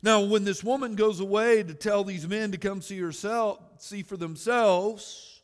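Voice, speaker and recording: A man preaching a sermon as pastor, swinging from shouted exhortation to quiet storytelling. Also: high-pitched, a little slow. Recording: long hall reverb.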